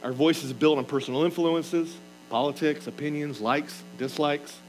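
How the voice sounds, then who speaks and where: A man's voice: on the high side, fairly even intonation, normal speed, soft background music, low-quality recording. A man preaching a sermon in an earnest, emphatic way, reading scripture aloud and explaining it. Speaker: pastor.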